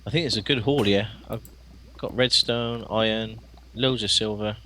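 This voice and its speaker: A man co-playing a let's play, talking casually with frequent laughs and lots of halting fillers. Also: on the low side, steady tone, sharp tone, slight background noise. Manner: chatty, laughs often, halting with many fillers. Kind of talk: casual gameplay chat.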